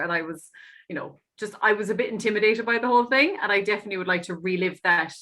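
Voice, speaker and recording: A woman with an Irish accent chatting as an interview guest, telling animated stories. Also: medium pitch. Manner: fast, animated storytelling, slips into mock accents. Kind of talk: casual interview chat.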